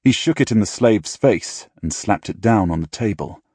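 A man reading an audiobook in measured, dramatic storytelling style, close to a studio mic. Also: fairly low pitch, animated, warm tone, slightly rough, no echo. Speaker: audiobook narrator. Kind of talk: scripted audiobook narration.

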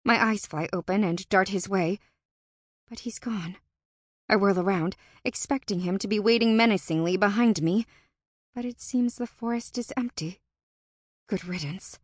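A woman narrating a first-person fantasy audiobook in an expressive, tense and dramatic manner. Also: mid-range voice, no echo, clean studio sound.

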